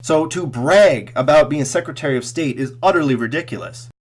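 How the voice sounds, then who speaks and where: A man giving an angry, profane political rant straight to camera, sarcastic and mocking, swinging between loud outbursts and muttered asides. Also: mid-range voice. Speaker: political commentary vlogger.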